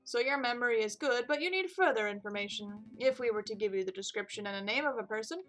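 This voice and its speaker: An earnest male bird defense attorney in a video game, read by a woman in near her own voice. He asks his questions briskly and formally, in a bright, forceful tone. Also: fairly high pitch, natural voice.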